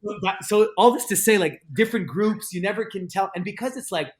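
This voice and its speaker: Animated rambling male magician storyteller. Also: sits high, a little fast, crowd noise. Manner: animated, rambling, with frequent restarts and fillers. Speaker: magician and guest. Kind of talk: casual storytelling in a podcast interview.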